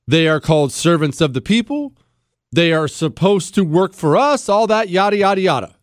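A man's voice: high-pitched, lively intonation, moderate pace, dry recording, studio quality. A man hosting a podcast, delivering indignant political commentary full of emphatic rhetorical questions. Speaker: podcast host.

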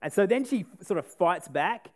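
A man's voice: high-pitched, normal speed. A man preaching a sermon in a casual, joking way, acting out the people in the story he retells. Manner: animated, acts out the people in the story.

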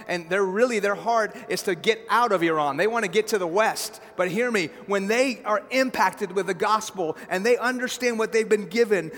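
A man's voice: high voice, fairly bright tone, in a large hall. A man preaching a sermon in a conversational way, often checking in with the listeners. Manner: conversational preaching with asides like "right?" and "okay?".

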